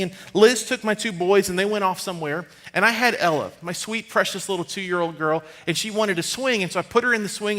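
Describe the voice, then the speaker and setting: A man in his thirties preaching a sermon, telling personal stories in a conversational, animated way and dropping to a hushed tone for serious moments. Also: high-pitched. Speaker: pastor. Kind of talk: storytelling sermon. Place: church stage.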